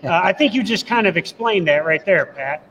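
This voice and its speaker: A man's voice: high voice, animated, moderate pace, a bit bright. A man from Iowa hosting a podcast, chatting in an easygoing, conversational way. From Iowa, USA. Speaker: podcast host. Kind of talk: casual podcast chat. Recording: dull sound with long reverb.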